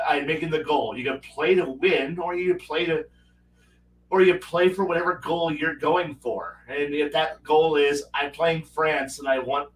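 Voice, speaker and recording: A man hosting a livestream who chats casually about strategy games, rambling with many restarts and acting out quotes. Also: fairly high pitch. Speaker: livestream host. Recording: roomy, with a distant mic.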